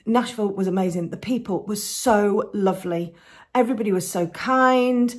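An English woman from England hosts a podcast, speaking at medium pitch and a moderate pace. She's a coloured pencil artist, and her casual chat rambles along with restarts and laughter.

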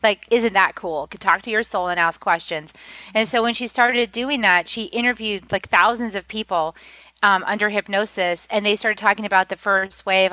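Bright, candid woman telling her story. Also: medium pitch, moderate pace, dry recording. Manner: open and confiding, many "like" fillers, acts out quoted voices. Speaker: podcast guest, author.

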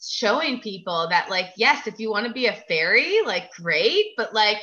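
A woman's voice: mid-range voice, big pitch swings, moderate pace, pushed and bright, muffled recording. A woman guest in a casual chat, speaking dreamily and filling nearly every phrase with "like.". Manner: dreamy, filler-heavy, says "like" constantly.

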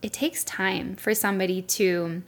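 A woman's voice: medium pitch, fairly even intonation, a little slow. A young woman hosting a solo podcast, telling a story in a chatty way with lots of fillers. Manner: chatty, lots of "like" and "you know". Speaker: podcast host; Reiki practitioner.

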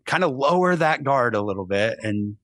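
A man spins a story for a podcast, his voice mid-pitched and dry in a close mic. He throws his pitch way up when he acts out the people in it. He keeps a casual, chatty pace throughout. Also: normal speed, no echo. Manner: animated storyteller, acts out quoted voices with big pitch jumps. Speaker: podcast guest.

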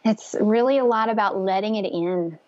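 A woman guest speaking gently and earnestly about spiritual connection, with frequent restarts. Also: mid-range voice, moderate pace, muffled recording. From Northern California. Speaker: guest, conception coach. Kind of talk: casual interview talk.

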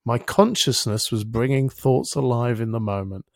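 Middle-aged male podcast guest, gravelly and dry-miked, a lively storyteller who swears casually. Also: medium pitch, normal speed, no room sound. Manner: vivid storyteller who acts out his own inner voice, casual swearing. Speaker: interview guest, helps people with their thinking. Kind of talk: reflective storytelling in a podcast conversation.

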